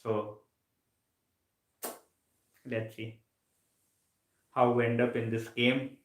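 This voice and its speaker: A man's voice: medium pitch, flat delivery, drawn-out words, echoey room, poor audio. A sleepy man hosting a late-night live stream, chatting casually, yawning, full of fillers and repeated phrases. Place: home room, late at night.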